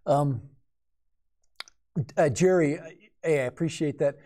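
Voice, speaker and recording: A man's voice: a little high, slow, mellow. A man in his fifties hosting a casual live stream, rambling and joking with viewers in chat as a hobby drone pilot. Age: 50s.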